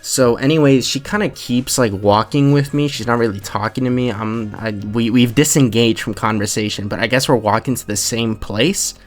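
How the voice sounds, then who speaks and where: A man's voice: medium pitch, fairly even intonation, normal speed, hardly any pauses, soft background music. A man in his twenties telling a story in a rambling, casual rant, full of swearing and fillers. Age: 20s. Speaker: vlogger.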